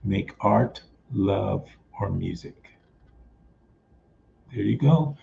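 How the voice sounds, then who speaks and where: Slow gravelly man with a dark voice. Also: lowish voice. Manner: slow, drawn-out delivery with frequent pauses. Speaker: psychic medium doing card readings. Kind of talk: casual live-stream card reading. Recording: dull lo-fi sound with faint noise.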